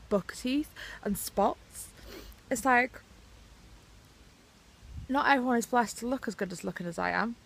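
A woman's voice: mid-range voice, vocal fry. A woman with a Welsh accent, ranting to camera in a vlog, swearing heavily, blunt and sarcastic. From Wales. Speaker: vlogger. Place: outside her house.

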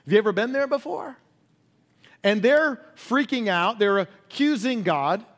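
A male pastor preaching a sermon, asking the congregation questions and acting out quoted cries before dropping to a hush. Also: high-pitched, lively intonation, normal speed, long pauses. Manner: acts out quoted cries loudly and drops to a hush.

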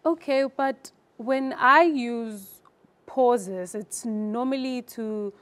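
A woman's voice: on the high side, very slow, fairly bright tone. A woman taking part in an acting lesson as a student, asking questions and checking her understanding. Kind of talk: lesson dialogue.

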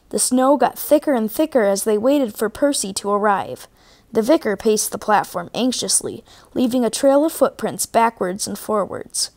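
A woman reading a children's storybook aloud, clear and even. Her voice sits a little higher than most women's. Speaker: storybook reader.

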